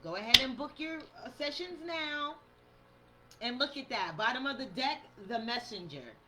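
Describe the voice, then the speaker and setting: A woman with a high, animated voice talks at normal speed as she gives her viewers a casual monthly tarot reading. A tarot reader and spiritual coach, she's chatty and direct, says y'all, and reads the card texts aloud, with faint outdoor yard noise in the background.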